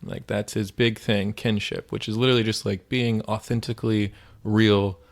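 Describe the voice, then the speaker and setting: Guy on a faith podcast, low gravelly voice, rambly storytelling, says like a lot. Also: flat delivery, moderate pace. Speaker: podcast co-host. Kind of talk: casual faith podcast chat.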